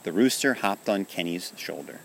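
A man reading a children's story aloud in a calm, gentle, measured way. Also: sits low, creaky, a little hiss or hum.

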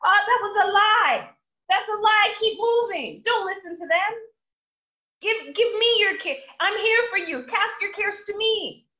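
A woman's voice: very high voice, lively intonation, unhurried, bright, forceful tone, echoey room, lo-fi sound, pitched above the performer's own voice, exaggerated voice. A woman voicing God as a patient, coaxing older male deity who pleads and reassures.

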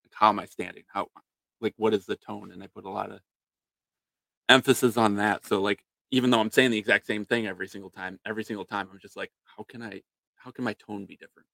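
A man's voice: on the low side, steady tone, fast, vocal fry, pushed and bright, no echo. A man, a salesman, chatting casually and thinking aloud with loose fillers. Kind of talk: casual chat.

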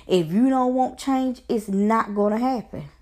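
A woman's voice: fairly high pitch, measured pace, a little mellow. A woman life coach giving an earnest, preacher-like pep talk on faith, repeating phrases for emphasis. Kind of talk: motivational faith talk to camera.

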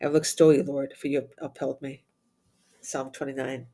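A man's voice: mid-range voice, creaky. Man reciting liturgical prayers. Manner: steady measured recitation, rattles off Latin refrains quickly and softly. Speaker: prayer leader.

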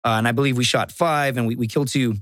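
A man in his thirties from Texas, a comedian and guest telling stories in a loose, profane, animated way on a podcast. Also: mid-range voice, fast, no room sound, clean studio sound. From Laredo, Texas. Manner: profane, animated storyteller who acts out quotes. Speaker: guest, stand-up comedian and former Marine. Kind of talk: casual podcast storytelling.

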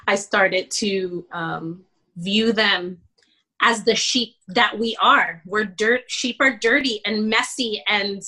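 Bright-voiced woman, emotional storyteller. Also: medium pitch, slow pace, poor audio. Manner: emotional, animated retelling with laughs and quoted dialogue. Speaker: guest, pastor's wife. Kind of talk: candid personal storytelling.

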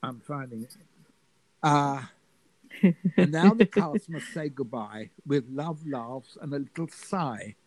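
An older man, a guest telling a lively showbiz anecdote and acting out the voices in it. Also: a little high, slow pace, crowd noise, poor audio. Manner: lively, acts out the voices in his stories. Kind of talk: storytelling anecdote.

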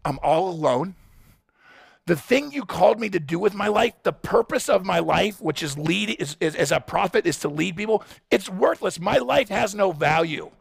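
A preacher voicing a lonely, despairing male prophet who pours out his grief and anger in a raw voice that rises to shouts. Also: high voice, expressive, moderate pace, vocal fry, breathy edge, no room sound, exaggerated voice. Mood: anguished.

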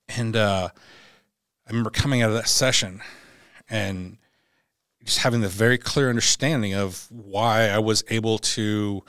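A middle-aged man with a lowish voice tells a personal story as a podcast guest. He is blunt and profane and acts out the lines he quotes. His voice sounds dry and close, with no room echo. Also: a bit bright. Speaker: podcast guest, former Navy SEAL.

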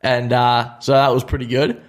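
A young Australian man co-hosting a casual sports podcast, with a voice of middling pitch. He explains fights in a relaxed, chatty way, dropping in easy laughs. His delivery stays informal and unhurried. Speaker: podcast co-host.

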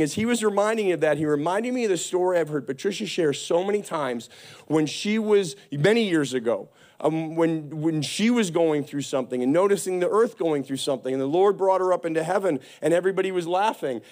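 A man preaching a sermon, intense and animated, with sudden loud rises. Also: fairly high pitch.

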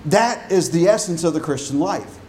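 A man with a high-pitched voice delivers a sermon from the pulpit. He reads scripture in a slow, measured way, then explains it with growing emphasis. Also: lively intonation, darkish tone. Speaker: pastor.

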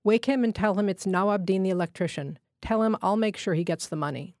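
A woman's voice: medium pitch, brisk, darkish tone, dry recording, studio quality, close to an everyday voice. A woman reading as a curt, unflustered pharmacist. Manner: abrupt and sure. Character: gruff unflustered male village pharmacist. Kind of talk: literary reading.

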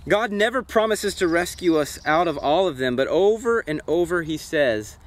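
High-voiced man teaching a Bible study. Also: expressive, normal speed, hardly any pauses. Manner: earnest and reflective, asks listeners direct questions. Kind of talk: devotional Bible study talk. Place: outdoors by a campfire.

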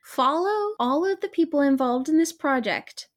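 A woman's voice: sits high, expressive, moderate pace. A woman talking earnestly and persuasively in a casual conversation, speeding up when she stresses a point.

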